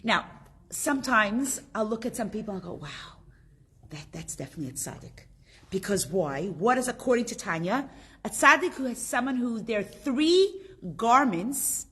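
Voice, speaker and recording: Middle-aged female teacher, husky tone, animated and conversational, quizzes the room. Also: fairly high pitch, moderate pace. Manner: lively, chatty, asks the class questions. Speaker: Torah class teacher. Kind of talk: casual group class.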